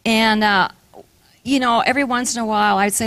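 An older woman preaches with earnest warmth, weaving a personal story into her message and turning to the listeners with questions. Her voice sits at a middle pitch and is recorded dry and close, with little room sound. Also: fairly even intonation, normal speed, no room sound.

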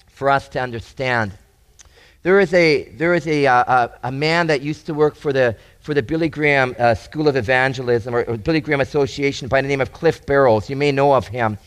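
A man's voice: mid-range voice, smooth. A male pastor preaching a sermon in an earnest way, often repeating and restarting phrases and rising for emphasis.

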